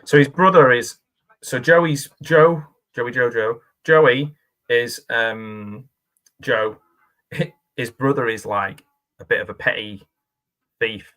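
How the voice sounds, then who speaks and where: A man's voice: medium pitch, fairly even intonation, slow, fairly bright tone. A man giving casual, rambling reaction commentary on a film, chatting and laughing as he goes. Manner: chatty and rambling, with frequent laughs and self-questioning asides.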